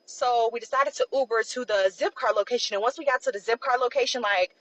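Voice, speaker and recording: A woman's voice: fairly high pitch, a bit bright, highs cut off. Chatty young woman telling a story. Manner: chatty, loose, peppered with "like" and "blah, blah". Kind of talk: casual storytime.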